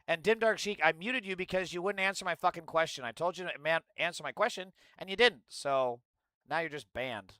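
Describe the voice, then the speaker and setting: A man's voice: on the high side, a little fast, bright, forceful tone, dry recording. A man streaming heated political commentary, ranting and swearing at his chat. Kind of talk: angry livestream commentary.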